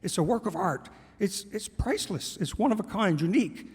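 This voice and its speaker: A man voicing a smooth-talking male shopkeeper in a told story, wheedling and flattering. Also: high voice, fairly quick, voice pushed up, exaggerated voice. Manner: flattering, wheedling salesman patter. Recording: long hall reverb.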